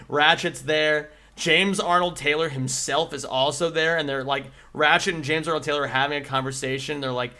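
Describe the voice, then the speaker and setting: A man streaming gameplay, talking in an excitable, rambling way and laughing often. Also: on the high side, moderate pace. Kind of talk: live gameplay commentary.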